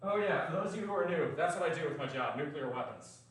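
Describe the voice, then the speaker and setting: A man's voice: fairly high pitch, expressive, fast, very noisy. A man with a mild Southern US accent chatting casually and profanely while training at the gym. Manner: rambling, profane, joking. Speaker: lifting vlogger. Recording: very echoey room, from far off.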